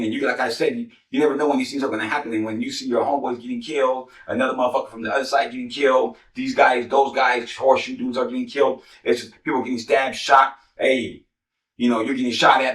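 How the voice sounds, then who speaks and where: This is a former gang member, a man with a medium-pitched, slightly bright voice and fairly even intonation, recorded from afar in an echoey room with his voice off mic. His profane street tales come out rapid and rambling, thick with slang, swearing, and repeated "you know what I'm saying."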